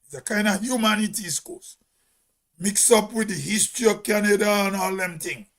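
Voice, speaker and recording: A man's voice: high-pitched, normal speed, a bit bright. A man with a Grenadian accent, hosting a casual monologue and speaking emphatically, repeating words for stress. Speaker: host.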